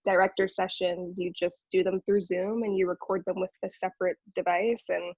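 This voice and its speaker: A woman's voice: lowish voice, flat delivery, normal speed, darkish tone, breathy edge, no room sound. A young woman with a light Californian accent talks easily about her acting work, upbeat and peppered with "like." Her voice sounds dry and a little dull, with a touch of lo-fi thinness. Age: young adult. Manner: chatty, upbeat, laughs easily, lots of "like". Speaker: actress, interview guest. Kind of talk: casual interview chat.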